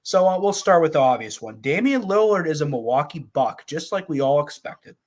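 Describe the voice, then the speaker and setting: A man co-hosting a sports podcast, calmly steering topics with folksy phrases. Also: fairly high pitch, a little fast. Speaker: podcast co-host. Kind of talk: casual sports chat.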